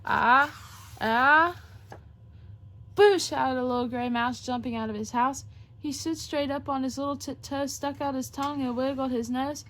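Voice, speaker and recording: A woman reading a children's rhyming picture book aloud, expressive and rhythmic. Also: high voice, moderate pace. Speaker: storybook reader, show host.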